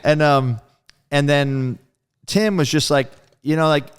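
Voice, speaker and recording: A man's voice: on the high side, a little slow, smooth. A man telling a story as a guest in a casual interview, loose and profane, acting out the voices of friends he quotes. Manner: animated storyteller who acts out quoted friends. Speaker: guest drummer.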